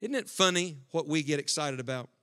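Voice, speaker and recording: Bright-voiced evangelist preaching. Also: male voice, a little high, lively intonation, fairly quick. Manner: dramatic preaching, swings from loud to hushed. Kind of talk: sermon. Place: church hall before a congregation.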